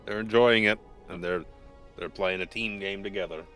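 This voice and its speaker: Man, tabletop player, low pitch, bright, dry crude jokes, faint music. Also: fairly even intonation, normal speed. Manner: dry, crude joking, swears. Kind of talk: in-character role-play and table chat.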